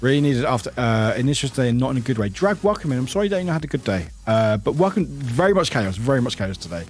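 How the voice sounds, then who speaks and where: A man's voice: mid-range voice, very animated, fast. A man streaming a game and chatting casually with viewers, rambling, laughing often and swearing casually.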